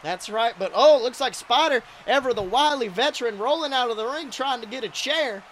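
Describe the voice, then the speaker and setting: A man voicing a crude, excitable wrestling announcer who calls the action in profane play-by-play. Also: very high voice, brisk, a little hiss or hum. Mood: excited. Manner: profane, excitable, shouts big moves. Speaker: wrestling commentator character. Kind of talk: comedic play-by-play commentary.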